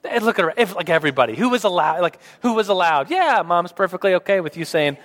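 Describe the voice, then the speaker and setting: Young male preacher, casual and rambling, high voice, long hall reverb. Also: expressive, normal speed, fairly bright tone. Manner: casual, rambling, many fillers and restarts. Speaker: pastor. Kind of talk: sermon. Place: church hall.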